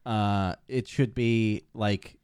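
A man's voice: lowish voice, fairly even intonation, drawn-out words, a little mellow, clean tone, no echo, studio quality. A man co-hosting a casual gaming podcast, rambling, profane and joking. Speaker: podcast co-host. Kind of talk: casual chat about video games.

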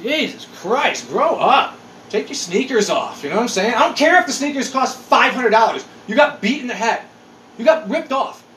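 A man in his forties rants in casual chat, profane and exasperated. His pitch swings all over the place. The room around him sounds roomy and echoey. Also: very animated, normal speed, fairly bright tone, slight background noise.

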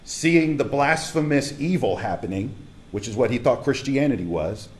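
A man's voice: medium pitch, expressive, normal speed. A man preaching a casual, conversational sermon as a pastor, speaking emphatically and straight to his congregation in a church hall.

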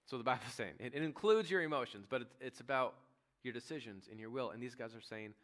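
A man preaches a sermon, his voice bright and forward. He retells the scripture story with animated, acted-out dialogue for each figure. The delivery is that of a pastor speaking to a congregation. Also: medium pitch, fast. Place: church sanctuary.

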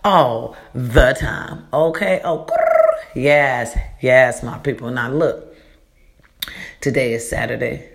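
A woman vlogger speaks casually in an echoey borrowed room, offering chatty, preachy life advice and calling listeners baby and y'all in a casual motivational monologue. Her voice is rumbling low, slow and creaky, with long pauses.

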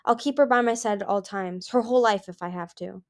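A woman's voice: mid-range voice, fairly quick, close to an everyday voice. A woman reading the lines of a grief-stricken sea dragon queen, cold and fiercely determined.

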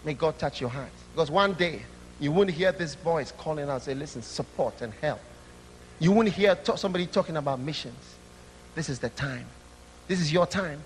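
A young man preaching an impassioned sermon that rises to shouts. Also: a little high, normal speed, big-room sound, a little hiss or hum. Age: young adult.

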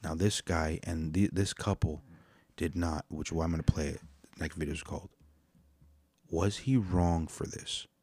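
Deep-voiced man ranting on a podcast. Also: moderate pace, husky, dry recording. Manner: rambling, profane, animated storyteller. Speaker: podcast host reacting to videos. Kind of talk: casual comedic commentary.

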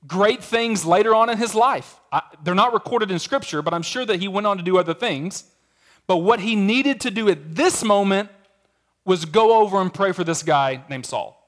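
High-voiced conversational male pastor. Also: expressive, moderate pace, a bit bright. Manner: conversational, storytelling with acted quotes. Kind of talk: sermon.

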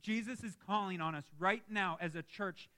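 A young adult man preaching a sermon in a church, emphatic and lively, with joking asides to the congregation. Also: high voice, normal speed. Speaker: pastor. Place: church sanctuary.

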